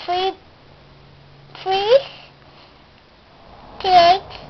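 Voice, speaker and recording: A little girl retelling a fairy tale in halting, restarting phrases. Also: very high-pitched, fairly even intonation, highs cut off, a little hiss or hum. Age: young child. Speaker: child storyteller.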